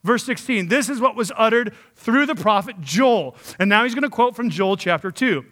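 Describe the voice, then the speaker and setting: A man preaching a sermon, reading scripture and paraphrasing it in an emphatic, animated way. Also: sits high, moderate pace.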